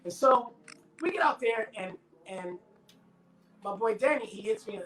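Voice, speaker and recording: Middle-aged man telling animated stories. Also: sits high, measured pace, reverberant, slight background noise, rough recording. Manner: animated storyteller acting out friends' voices. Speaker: actor guest. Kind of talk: casual interview storytelling.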